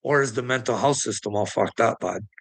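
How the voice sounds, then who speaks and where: A man's medium-pitched voice, gravelly with a breathy edge, moves a little fast as he rants to camera as an online commentator. He taunts and mocks his audience profanely, laughing and repeating words to drive points home.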